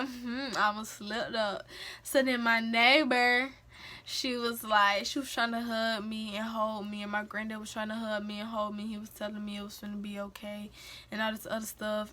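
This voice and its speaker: A young woman tells a story, emphatic and full of feeling. Her voice sits a little high and sounds bright. She talks straight into a home camera in a casual vlog style. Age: young adult. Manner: animated, emphatic, dialect-rich retelling. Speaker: storyteller vlogger.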